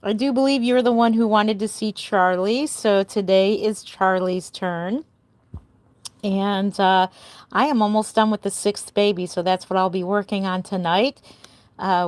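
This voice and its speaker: A woman's voice: mid-range voice, no room sound. Older woman, doll artist live stream, bubbly chatter, giggly, dry close sound. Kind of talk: casual live stream chat.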